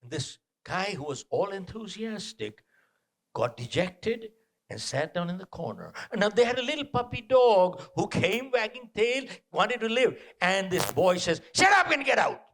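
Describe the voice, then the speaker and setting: A man giving a live motivational talk to an audience, animated and punchy, repeating short phrases and throwing out rhetorical questions. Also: high-pitched, unhurried. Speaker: motivational speaker. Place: indoor event venue.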